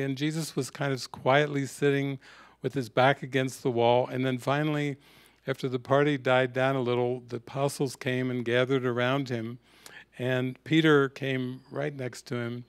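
A man teaching a spiritual retreat, telling stories and reflecting in a sermon-like talk. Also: mid-range voice. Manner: storytelling, reflective, quotes scenes.

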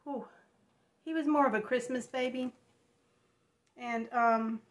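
Tearful halting woman vlogger. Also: fairly high pitch, fairly even intonation. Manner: halting, tearful, many restarts. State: crying. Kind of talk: emotional personal vlog.

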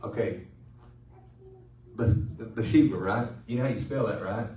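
A male pastor preaching a sermon in a loose, conversational way, joking and pausing for the congregation to answer. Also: fairly low pitch, darkish tone, reverberant, recorded from a distance, low-quality recording. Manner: conversational, joking, with call-and-response. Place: church sanctuary.

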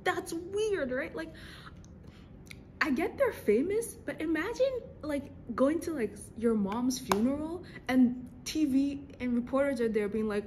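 A young woman casually reacting to a TV drama episode, excitable and slangy, laughing often. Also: high-pitched, a little slow, a little hiss or hum. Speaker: reaction video host.

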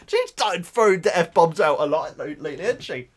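A man's voice: a little high, a little slow, hardly any pauses. A man hosting a reaction channel, talking in a casual, emotional and rambling way with lots of restarts.

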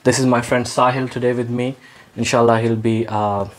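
A man hosts an interview, introducing his guest and the series in a measured, careful way. His voice sits at a middle pitch for a man. He pauses often between phrases as he lays out his questions. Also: flat delivery. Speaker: host.

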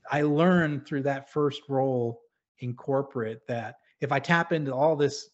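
A man's voice: medium pitch, measured pace. A middle-aged man from New England, a podcast guest, talking earnestly about his career in casual chat with many restarts. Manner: earnest, storytelling, frequent restarts. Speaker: podcast guest, former submarine officer. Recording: lo-fi dull audio.

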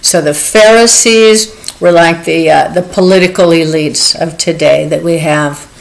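Earnest woman retelling scripture, slow, heartfelt, chuckles often. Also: low voice, gravelly, poor audio. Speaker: devotional speaker. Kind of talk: informal Bible teaching.

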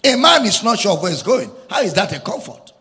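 A man's voice: high-pitched, sing-song, fast talker, bright, forceful tone, in a large hall. A man preaching a sermon with emphatic repetition, often rising into a sing-song preaching cadence. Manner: emphatic, repeats lines, rises into sung preaching cadence.

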